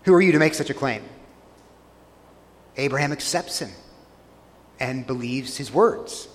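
A man's voice: medium pitch, a little slow, in a large hall. A man preaching a sermon, earnestly retelling scripture scenes and pressing each point with emphasis. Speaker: pastor.

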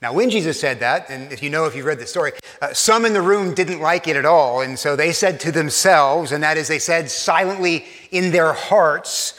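A man preaching a sermon, earnest, repeating and restarting phrases, often dropping soft for emphasis. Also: fairly high pitch, a little slow, big-room sound.

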